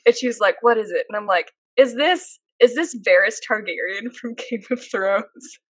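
A woman's voice: mid-range voice, moderate pace, no room sound, lo-fi sound. A woman co-hosting a podcast, chatting casually and telling stories with lots of fillers. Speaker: podcast co-host. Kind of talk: casual chat.

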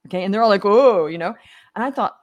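A woman's voice: mid-range voice, fast talker. A middle-aged woman from Australia speaks as a guest in a casual interview. She tells her stories with energy, slips into the voices of the people she quotes, and often stumbles and restarts mid-sentence. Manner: animated storyteller acting out quoted voices, many restarts. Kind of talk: casual storytelling in a podcast interview.

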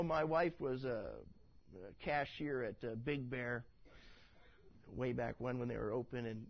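A man, a pastor, preaching a sermon in a church, animated and acting out voices as he tells the text. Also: fairly high pitch. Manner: animated, acts out voices in his quotes. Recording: dull lo-fi sermon recording.

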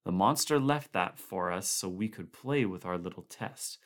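A calm, precise male expedition member with a low, even voice, as a man reads him in a storybook. He speaks steadily and chooses every word with care. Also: moderate pace. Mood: level.

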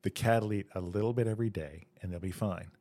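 A man co-hosting a comedy podcast who tells long setup jokes and drops quick puns in casual banter. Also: on the low side, mellow, no room sound. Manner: joke-teller with punny quips. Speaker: podcast co-host. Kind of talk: casual comedic joke-telling.

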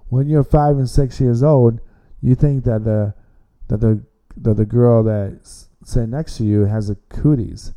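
A man's voice: medium pitch, fairly even intonation, measured pace, few pauses, dark tone. A man hosting a casual sports podcast, opinionated, often repeating himself and restarting phrases. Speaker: podcast host.

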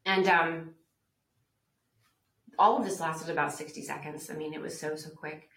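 Brief: lower-voiced woman guest, earnest testimony storytelling, echoey room. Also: takes it slowly, long pauses, a bit bright. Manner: earnest, reflective, acts out quoted voices. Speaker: podcast guest speaker. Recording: roomy echo.

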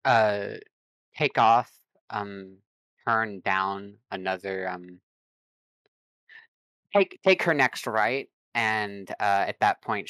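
A man's voice: lowish voice, a bit bright, no echo. A man playing a tabletop game, hesitant and full of fillers as he plans his character's move. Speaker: player. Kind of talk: casual chat, tabletop game.

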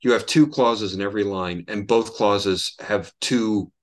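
Eager man, low voice, halting. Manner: eager, halting, full of restarts. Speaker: podcast co-host. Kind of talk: casual chat. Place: home outside London, talking over an online call.

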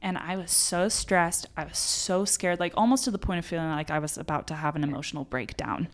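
A woman's voice: lowish voice, fairly quick. A young woman in her twenties, a podcast guest telling a personal story in an earnest, emotional way. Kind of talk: casual podcast conversation.

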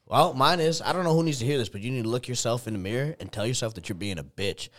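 A young man hosting a casual podcast, swearing a lot and getting loud and hyped. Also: medium pitch, fast. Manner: loud, profane, hyped and animated. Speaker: podcast host.

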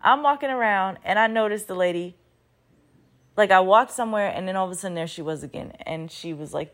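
A woman's voice: medium pitch, fairly quick. A woman in her thirties telling a story in a casual vlog, rambling with lots of "like" and restarts, and swearing freely. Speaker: vlogger.

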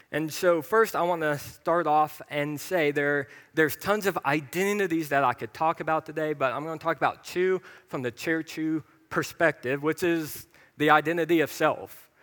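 Bright-voiced young preacher in a reverberant hall. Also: male voice, on the high side. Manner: conversational, self-deprecating, rises to emphatic bursts. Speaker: pastor. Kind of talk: sermon. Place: church hall. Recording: church hall with long reverb.

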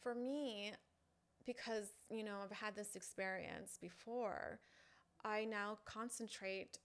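A woman talks straight to her fans in a relaxed, unscripted way. She often pauses and restarts, leaning on little fillers as she explains herself. Her voice sits at an ordinary middle pitch for a woman. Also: clean tone. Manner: chatty, halting, full of "you know" fillers. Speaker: online content creator. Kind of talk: casual direct-to-camera talk.

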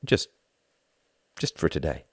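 A man reading an audiobook, voicing a tired, subdued grown son in a quiet way close to his own voice. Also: slow, no room sound, lightly acted. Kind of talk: audiobook character voice.

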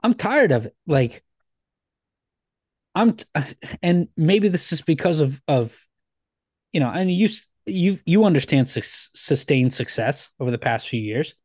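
A man co-hosting a sports podcast, talking casually and agreeing, with some halting restarts. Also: fairly high pitch, very animated, a little mellow, dry recording, clean studio sound. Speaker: podcast co-host.

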